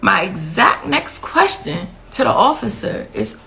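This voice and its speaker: A woman's voice: a little high, sing-song, measured pace, gravelly, bright, forceful tone, rough recording. A woman, a grieving mother, giving a blunt and impassioned interview account, repeating herself for emphasis. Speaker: victim's mother telling her story.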